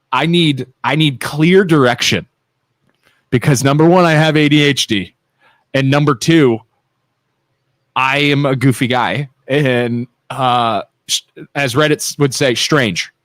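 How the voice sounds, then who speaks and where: A man from Ohio co-hosting a live call-in show, goofy and teasing, with a habit of cutting in on his partner. His voice sits at an ordinary middle pitch, and the mic sound is close and dry, with no room around it. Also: fairly bright tone, no echo. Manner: goofy, teasing, talks over his co-host. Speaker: podcast co-host. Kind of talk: casual radio talk show banter.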